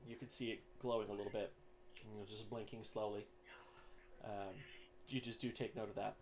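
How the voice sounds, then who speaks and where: A man's voice: fairly low pitch, level tone, normal speed, a little mellow, slight background noise. A man narrating as game master of a tabletop game, laid-back with lots of ums and uhs.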